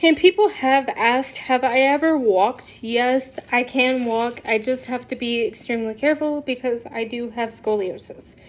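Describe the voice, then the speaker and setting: A woman's voice: a little high, moderate pace, hardly any pauses. A woman vlogger telling a story to her viewers in a chatty way, often laughing as she talks. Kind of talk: casual storytelling to camera.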